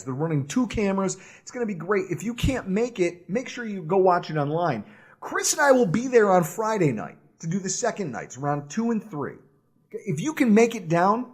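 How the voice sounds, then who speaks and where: A man with a high voice that swings up and down a lot as he talks. He co-hosts a casual sports podcast, joking loudly and laughing often through the banter. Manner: loud, laughing, playful banter. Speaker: podcast co-host.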